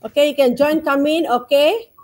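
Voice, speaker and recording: A woman's voice: sits high, moderate pace, a little mellow. A woman with a Malaysian English accent co-teaching a live online lesson, coaxing students to join and answer.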